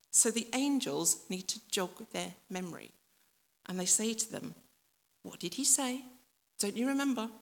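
A woman's voice: on the low side, a bit bright. A woman preacher giving a reflective, conversational sermon that speaks directly to the listeners and acts out voices from the story.

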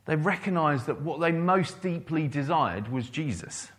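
Man, sermon, earnest preaching, slightly higher-pitched voice, repeats phrases. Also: animated, a little slow, a bit bright.

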